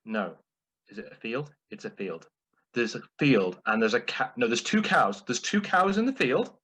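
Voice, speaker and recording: A man's voice: mid-range voice, animated, normal speed, bright, forceful tone, breathy edge. A man imitating his flustered mother, who keeps muddling the details of a joke. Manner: confused, restarting.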